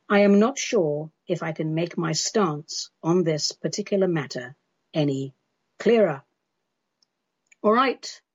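A woman's voice: lowish voice, darkish tone, slightly rough, no room sound, lo-fi sound. An American woman hosting a metaphysical talk show, speaking in an emphatic, frank, declarative way. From United States. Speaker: host.

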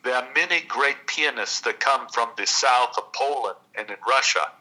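A man's voice: medium pitch, moderate pace, pushed and bright, poor audio. A man voicing a blunt, knowing foreign woman masseuse with an Eastern European accent. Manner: blunt, matter-of-fact pronouncements.

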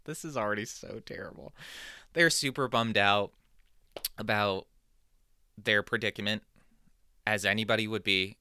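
A man's voice: lowish voice, moderate pace, pushed and bright, clear, resonant tone, no room sound, studio quality. A man hosting a podcast, telling a casual comedic monologue in a rambling, digressive, self-deprecating way. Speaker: podcast host.

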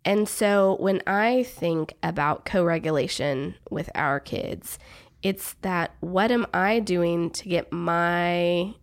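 A woman, a therapist and parent, talking thoughtfully about parenting in an interview. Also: lowish voice. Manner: thoughtful, reflective, speaks in measured phrases. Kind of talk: conversational podcast interview.

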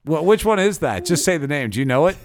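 A man's voice: a little high, very animated, quick pace. A man co-hosting a podcast in casual chat, teasing and joking playfully. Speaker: podcast co-host.

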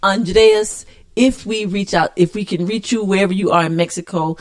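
A woman's voice: mid-range voice, steady tone, normal speed. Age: unknown. Sex: woman. Role: podcast co-host. Style: casual chat, laughing often, teasing, tripping over and repeating words.

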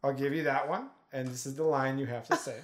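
A woman's voice: rumbling low, quick pace. A woman hosting a casual podcast chat, explaining a party game and laughing often. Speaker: host.

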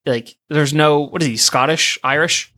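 A woman's voice: low voice, moderate pace, fairly bright tone. A woman on a casual movie-review podcast, talking emphatically and swearing heavily.

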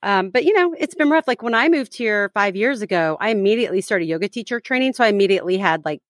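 A woman's voice: medium pitch, animated, quick pace, dry recording, studio quality. A woman in her thirties co-hosting a podcast in casual chat, teasing and rambling with lots of fillers and restarts. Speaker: podcast co-host.

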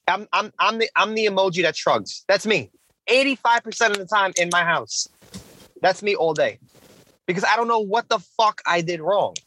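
A man co-hosting a casual podcast, talking in halting, rambling bursts with a lot of repeated words. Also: high voice, bright, forceful tone, a little hiss or hum, rough recording. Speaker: podcast co-host.

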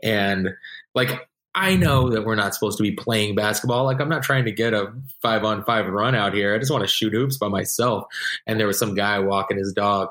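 A man in his forties chats casually, spinning stories with animation and acting out other people's lines. His voice runs on the low side and a bit fast, and the recording has a roomy echo.

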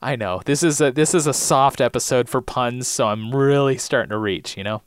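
A man's voice: medium pitch, moderate pace, clear, resonant tone, no room sound, studio quality. A man co-hosting a podcast in casual chat, cracking jokes and puns and reacting with laughs. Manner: jokey, punning, animated reactions with laughs. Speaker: podcast co-host.

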